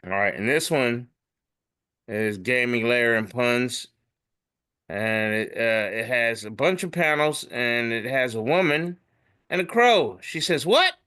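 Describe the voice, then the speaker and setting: Lively bright-voiced male podcast host. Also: slow, clean tone. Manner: animated, jumps into squeaky voices for captions. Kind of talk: casual chat describing memes aloud.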